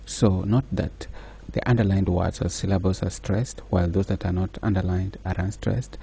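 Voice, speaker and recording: A man giving a slow, measured lecture, pausing often with fillers. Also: sits low, fairly even intonation, gravelly, dark tone, slightly rough. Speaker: teacher. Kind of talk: recorded lecture.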